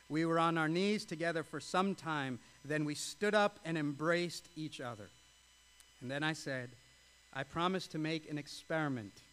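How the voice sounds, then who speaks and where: A male pastor with a somewhat high voice, preaching. He reads a story aloud with feeling, then turns to speak earnestly to the congregation. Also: fairly bright tone. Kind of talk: sermon with read-aloud story.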